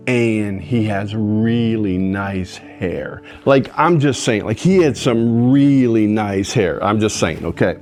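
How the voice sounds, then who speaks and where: A man's voice: a little slow, hardly any pauses. Older man telling a heartfelt story. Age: 60s. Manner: emotional, swings from hushed to loud and high. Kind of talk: spoken personal story.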